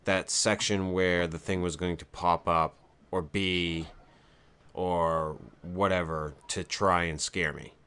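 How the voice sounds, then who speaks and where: A man hosting an uncensored podcast, talking casually in halting bursts with lots of swearing and restarts. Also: low voice, flat delivery, bright, forceful tone, clean tone. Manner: halting, profane, many restarts. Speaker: podcast host.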